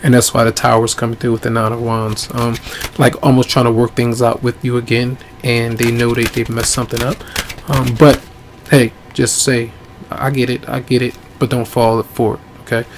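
Raspy guy doing a laid-back tarot reading, losing his voice, pretty flat delivery, lots of ums. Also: medium pitch, normal speed, noisy background. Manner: easygoing, rambling with many ums. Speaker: tarot reader. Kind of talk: casual tarot reading to camera.

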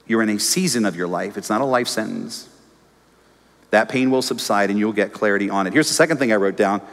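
A man's voice: lowish voice, brisk. A man preaching a sermon as pastor, telling stories with humor and acting out the voices of the people he quotes. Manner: animated storytelling, acts out quoted voices, jokes with congregation. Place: church auditorium. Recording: long reverb of a church hall.

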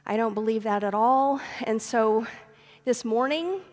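A woman's voice: a little high, measured pace, darkish tone. A middle-aged woman pastor telling a family story in a sermon, speaking to the congregation as friends. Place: church sanctuary. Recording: long hall reverb of a sanctuary.

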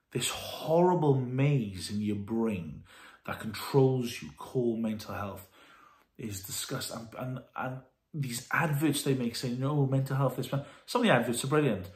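A man vlogging candidly to camera from a warm room at home, earnest and halting, his voice full of feeling. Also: mid-range voice, echoey room.

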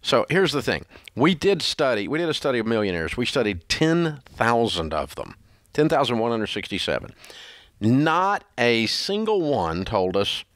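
A man's voice: mid-range voice, very animated, normal speed, fairly bright tone, no echo, studio quality. A male radio host giving blunt money advice in an emphatic, scolding, repetitive way. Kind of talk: blunt call-in advice talk.

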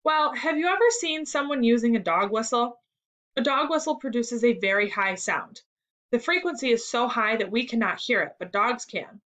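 A woman reading the lines of a patient adult male musician who explains clearly. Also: a little high, lively intonation, moderate pace, a bit bright. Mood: explaining.

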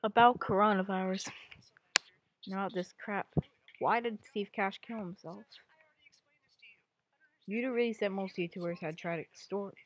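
A woman's voice: medium pitch, fairly even intonation, a little slow, pauses often. A woman giving casual, rambling reaction commentary on videos, jumping from one topic to the next. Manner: rambling, jumps between topics.

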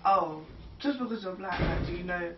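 A woman's voice: fairly low pitch, moderate pace, lo-fi sound. Chatty young woman in an echoey room. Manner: chatty, fills with "like". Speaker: panel guest. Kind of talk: casual group chat. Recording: echoey room, far from mic.

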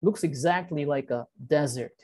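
A woman's voice: low-pitched, moderate pace, mellow, breathy edge. A woman reading a picture book aloud to young children, chatty and stopping to point out the pictures. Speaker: reading teacher.

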